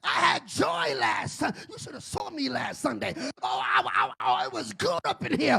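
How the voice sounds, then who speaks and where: A man preaching a sermon as a bishop, shouting and building into a singsong whoop. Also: very high-pitched, very animated, moderate pace, creaky, few pauses, husky.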